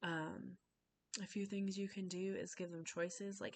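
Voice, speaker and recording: A woman's voice: mid-range voice, level tone, measured pace, vocal fry, slight background noise. A young woman giving an informal class speech over a webcam, casual and full of fillers and restarts.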